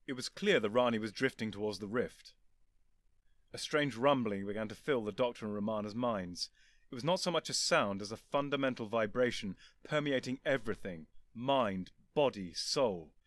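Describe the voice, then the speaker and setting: A man reading a story aloud as narrator, in a lively, expressive storytelling manner. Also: fairly low pitch, normal speed, no echo, clean studio sound. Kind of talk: scripted audiobook narration.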